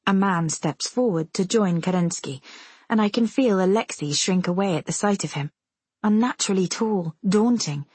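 A woman reading a first-person story aloud with measured, intimate storytelling. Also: mid-range voice, a little mellow, husky, no echo. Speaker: audiobook narrator. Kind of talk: first-person audiobook narration.

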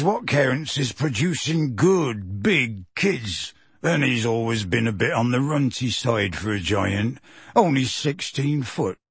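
Gentle giant, deep and rough, slow and pleading, a man putting him on, audiobook, dry sound. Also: no room sound, full character voice. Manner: hushed, slow, earnest pleading. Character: huge gentle half-giant man, tearful and anxious. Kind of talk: audiobook character voice.

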